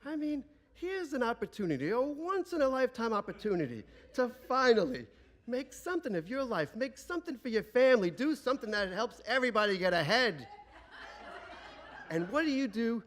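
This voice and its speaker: A man voicing an older grandmother who scolds her son-in-law with a sharp tongue. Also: extremely high pitch, big pitch swings, fairly quick, voice pushed up, exaggerated voice. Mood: scornful. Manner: scolding, cutting. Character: scornful old grandmother, sharp-tongued woman.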